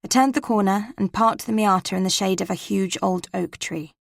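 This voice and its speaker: Gravelly woman reading a cozy mystery. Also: medium pitch, moderate pace, no echo, clean studio sound. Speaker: audiobook narrator. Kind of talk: scripted first-person narration.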